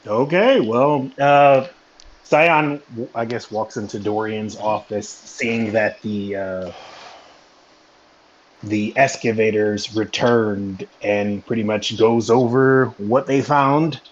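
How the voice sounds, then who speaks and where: A man's voice: lowish voice, slow pace, muffled recording, slight background noise. A man playing in an online tabletop game, narrating his character's actions hesitantly. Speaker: player.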